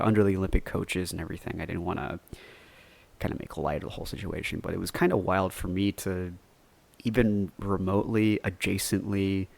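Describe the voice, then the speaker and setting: A man's voice: sits low, gravelly. A man hosting a podcast, telling a personal story in a loose, rambling way with some cursing. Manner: rambling, loose, cusses freely. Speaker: podcast host. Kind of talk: casual solo storytelling.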